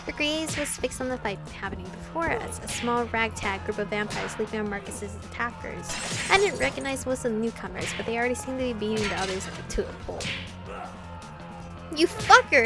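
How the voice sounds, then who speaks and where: Animated young woman reading a visual novel. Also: fairly high pitch, fairly quick. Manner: animated, laughing asides between reading. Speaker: gaming video host. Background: game music.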